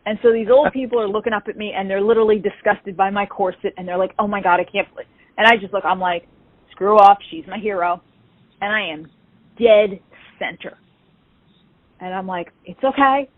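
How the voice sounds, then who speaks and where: New woman telling a lively story. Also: medium pitch, brisk, dry recording. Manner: animated, acts out quoted dialogue. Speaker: interview guest. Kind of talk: casual storytelling. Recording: tinny phone-like call audio.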